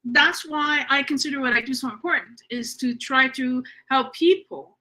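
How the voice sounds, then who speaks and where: A woman's voice: high voice, normal speed, sharp tone. A woman hosting a spiritual podcast, talking in an earnest, reassuring way with frequent fillers. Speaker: podcast host. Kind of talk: casual spiritual conversation.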